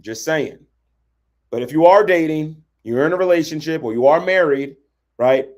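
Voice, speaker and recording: Teaching relationship boundaries on a livestream, this coach talks conversationally and keeps asking "right?". He has a voice on the high side and speaks at normal speed.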